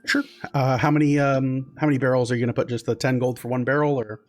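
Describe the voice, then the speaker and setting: A man narrating as game master in a tabletop game, with relaxed narration full of fillers. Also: mid-range voice, fast talker, faint music behind.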